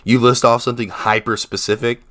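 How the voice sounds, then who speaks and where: A man's voice: medium pitch, little pitch movement, brisk, a bit bright, dry recording, studio quality. A man co-hosting a podcast, laid-back and teasing as he talks through what makes a joke funny. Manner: laid-back, teasing, reasons about comedy. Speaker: podcast co-host. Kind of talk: casual podcast chat.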